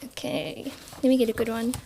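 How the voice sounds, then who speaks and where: A young woman co-hosting a casual podcast, reading a story aloud in a relaxed way and stumbling now and then. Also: a little high, fairly quick, creaky. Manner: relaxed, stumbles over words while reading.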